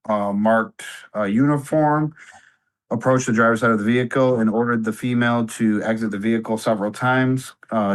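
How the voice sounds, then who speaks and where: A man's voice: mid-range voice, poor audio. A man serving as a police detective, giving sworn testimony and reading out facts in a procedural way.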